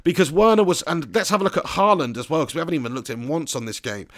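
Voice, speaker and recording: A man's voice: a little high, expressive, very fast, dry recording, clean studio sound. Chatty man streaming a football game. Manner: chatty, rambling, laughs while reading chat. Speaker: gaming streamer. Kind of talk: casual live-stream game commentary.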